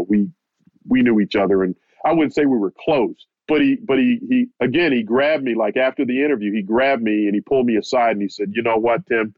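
A man, a boxing reporter, telling a long anecdote in a lively way and repeating "he said" as he retells it. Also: mid-range voice, no echo. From United States. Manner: animated, keeps repeating "he said" while retelling. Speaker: boxing reporter, interview guest. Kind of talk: storytelling anecdote. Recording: muffled lo-fi, dry audio.

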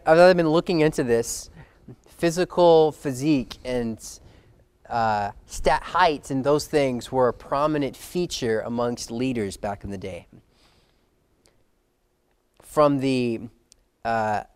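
A man's voice: mid-range voice, a little mellow, clean tone, dry recording. A man preaching a sermon in a conversational way, reading verses aloud and acting out quoted voices.

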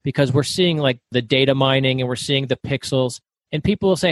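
A middle-aged man telling stories as a guest author in an interview, talking fast and loud. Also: medium pitch, dry recording. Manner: fast, loud, animated storyteller. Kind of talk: storytelling interview.

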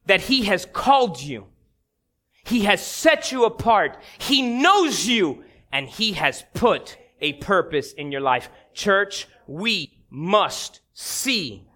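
A male preacher giving a sermon, dramatic, stretching key phrases and dropping low and slow on them. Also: pushed and bright.

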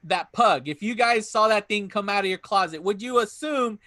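Male host, high and bright, dry close mic, lively casual review chat. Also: moderate pace, no echo. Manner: animated, acts out quotes with laughter. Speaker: podcast host.

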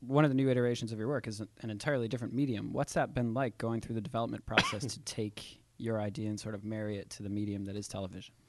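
A man's voice: fairly low pitch, fairly even intonation, fast talker, hardly any pauses, a little hiss or hum. A man co-hosting a podcast, joking dryly and asking questions. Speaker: podcast co-host. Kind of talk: casual interview conversation.

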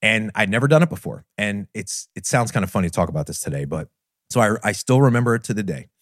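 A man's voice: on the low side, fast talker, no echo. Earnest man telling his story, dry sound. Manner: earnest, candid, animated retelling. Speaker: podcast host and business trainer. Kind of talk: personal storytelling monologue.

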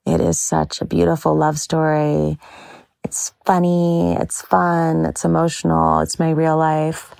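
A woman hosting a podcast, gushing through a personal monologue with heavy vocal fry and breathy, whispered trails. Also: sits low, darkish tone, dry recording. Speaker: podcast host.

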